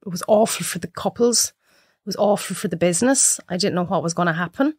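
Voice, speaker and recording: Irish woman, 30s, lively storyteller who mimics others, dry close mic. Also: a little fast, slightly rough, no room sound. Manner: animated storyteller acting out clients in high voices. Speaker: podcast guest. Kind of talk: casual chat.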